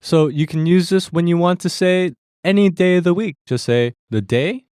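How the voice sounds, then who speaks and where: A man's voice: sits high, normal speed, a little mellow, clear, resonant tone, no echo, clean studio sound. A man hosting a language lesson, explaining Korean phrases to learners step by step in a friendly way that breaks into easy laughter.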